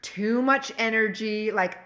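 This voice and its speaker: Bright-voiced woman telling a rambling story. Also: a little high, a little slow. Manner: rambling, animated storytelling with many restarts. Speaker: podcast co-host. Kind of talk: casual chat.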